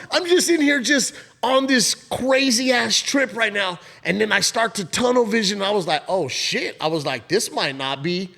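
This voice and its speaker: A man with a high, gravelly voice tells a story on a casual podcast. His pitch swings all over the place as he breaks into laughs and curses freely. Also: noisy background. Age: adult with a father-in-law and kids. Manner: animated, profane storytelling with bursts of laughter. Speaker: podcast co-host.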